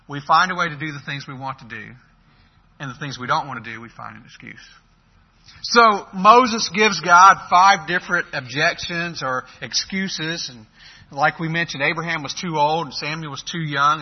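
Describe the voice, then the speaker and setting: A man preaching a sermon, emphatic, swinging between loud and soft, with hesitant restarts. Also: fairly high pitch, normal speed. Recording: dull lo-fi recording.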